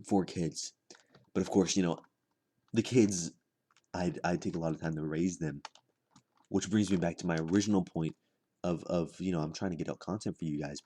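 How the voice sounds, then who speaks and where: A man doing a rambling deadpan comedy monologue, halting and repeating his words with lots of fillers. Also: deep voice, slightly rough. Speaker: comedy vlogger.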